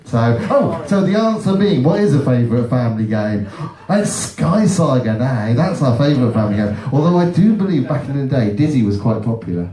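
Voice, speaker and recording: A middle-aged man speaking on a live panel as a game developer, relaxed and reminiscing, sometimes repeating a word as he starts a thought. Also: mid-range voice, a little fast, hardly any pauses. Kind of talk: live panel talk to an audience. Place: event hall at a game arcade. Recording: echoey hall, voice from far off.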